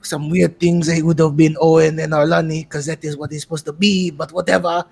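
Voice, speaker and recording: A tabletop player voicing a boastful, eccentric masked male showman who recaps the last session in character, with theatrical shouted outbursts. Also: medium pitch, level tone, a little fast, gravelly, slightly rough, faint music behind.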